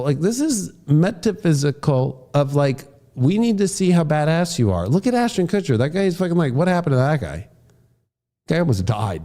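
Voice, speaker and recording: A man giving a horoscope forecast as an astrologer, casual and profane, acting out voices he quotes and bursting into shouts. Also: fairly high pitch, big pitch swings, moderate pace.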